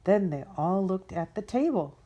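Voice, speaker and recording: A woman reading a children's story aloud as storyteller in an expressive way. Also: medium pitch, normal speed, highs cut off.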